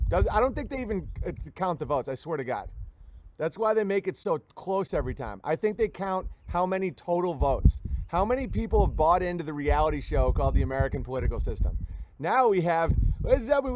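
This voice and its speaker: A man's voice: fairly high pitch, darkish tone, a little hiss or hum. A man hosting a live stream, chatting in a rambling, crude, joking way and often restarting his sentences. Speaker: livestream host.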